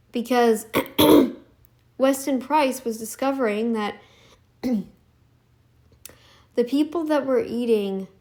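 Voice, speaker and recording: Emphatic woman ranting, higher voice. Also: darkish tone. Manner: emphatic, repetitive, defiant. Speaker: vlogger. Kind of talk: casual ranting commentary.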